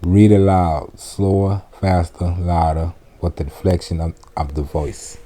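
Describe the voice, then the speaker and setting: A man teaching spoken classroom phrases, giving each in English and then repeating it slowly and deliberately. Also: sits low, warm tone. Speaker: Latin teacher. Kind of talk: slow classroom phrase lesson.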